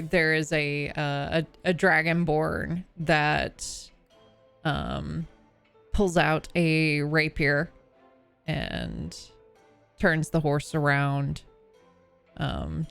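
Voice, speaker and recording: A woman's voice: low voice, gravelly, clean tone. A woman narrating as game master of a tabletop game, hesitant and full of fillers.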